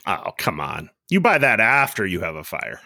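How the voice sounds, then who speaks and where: A man's voice: low-pitched, big pitch swings, moderate pace, sharp tone, dry recording, studio quality. A man co-hosting a casual podcast, telling rambling stories with lots of fillers and restarts. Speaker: podcast co-host.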